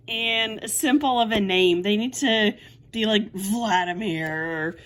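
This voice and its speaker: A woman with a mid-range voice talks through a book review at an easy, unhurried pace. Her tone is wry and sarcastic, and small laughs slip into her sentences. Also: medium pitch, a bit bright. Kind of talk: casual book review chat.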